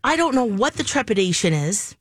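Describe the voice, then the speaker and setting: A woman hosting a morning radio show, bubbly, with quick reactions. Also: on the high side, big pitch swings, dry recording, studio quality. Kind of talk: casual morning show chat.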